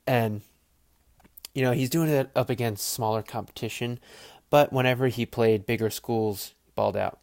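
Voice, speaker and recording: A man talks football on his own podcast, loose and rambling, with plenty of swearing and quick acted-out player voices. His voice sits in an ordinary middle range. The sound is dry and close, with no room around it. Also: medium pitch, vocal fry, dry recording. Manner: rambling, profane, animated asides with quoted voices. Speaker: podcast host. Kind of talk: casual football commentary.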